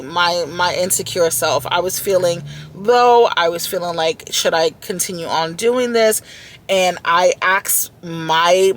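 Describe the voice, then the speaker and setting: A woman's voice: fairly low pitch, fairly bright tone. A woman vlogging from inside a car, talking in an earnest, heartfelt way and often repeating her words. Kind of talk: heartfelt self-talk vlog.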